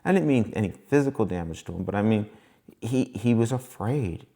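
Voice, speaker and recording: Man vlogger, lowish pitch, casual motivational storytelling, repeats himself. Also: animated, brisk, warm tone. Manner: rambling, folksy, repeats himself.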